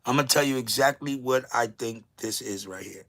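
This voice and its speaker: A man hosts a live stream and rants in a loud, profane, animated way. His voice is bright and forceful at an ordinary pitch. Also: moderate pace. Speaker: host. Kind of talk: casual live commentary.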